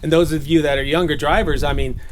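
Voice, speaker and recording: A man's voice: on the high side, fairly even intonation, quick pace, slight background noise. A man raised in Southern California giving an informal, conversational Bible teaching, laughing at his own jokes.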